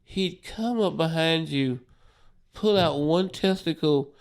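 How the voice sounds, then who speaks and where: A stand-up comic tells a wild road story with a slightly high voice, swearing freely and breaking into laughter. He slips into quick little impressions of the drunk friend. The talk is loose and animated. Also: vocal fry, clear, resonant tone. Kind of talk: casual storytelling chat.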